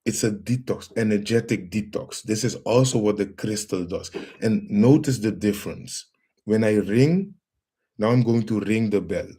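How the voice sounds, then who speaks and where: A man hosting a live stream, talking calmly and repeating himself as he addresses viewers as family. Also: on the low side, moderate pace, slight background noise. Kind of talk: casual live stream demonstration.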